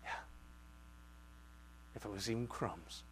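A man preaching a sermon, swinging from quiet asides to loud outbursts and acting out the voices he quotes. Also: medium pitch, animated, slow, slight background noise.

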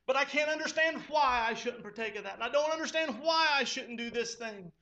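A man's voice: very high-pitched, a little fast, bright, forceful tone. A man preaching a sermon at a church service, exhorting fervently and rising to impassioned pleas. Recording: dull lo-fi recording.

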